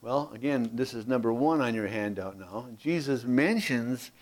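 A man's voice: medium pitch, moderate pace. A man teaching a verse-by-verse Bible study, explaining passages and often checking in with "okay?", reading verses aloud with rising emphasis.

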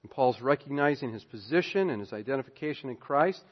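A man preaching a sermon as pastor, emphatic, swinging between loud declarations and hushed asides. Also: mid-range voice, expressive, fast. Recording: dull sound with long hall reverb.

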